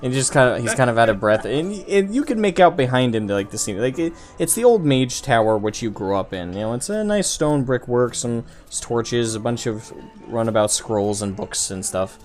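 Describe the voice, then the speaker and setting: Lively man running a tabletop game. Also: mid-range voice, soft background music. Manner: halting, many restarts and fillers. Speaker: game master.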